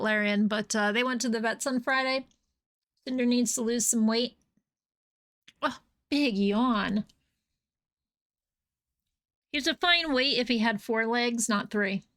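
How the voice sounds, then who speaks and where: A woman's voice: on the high side, a bit bright. A woman streaming a game live, chatting casually and breaking off to scold and coo at her cats.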